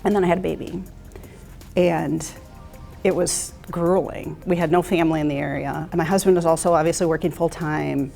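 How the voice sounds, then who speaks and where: A middle-aged woman shares career stories in an interview, candid and reflective, often restarting sentences. Her voice is low and creaky with fairly even intonation at normal speed, and soft music plays underneath.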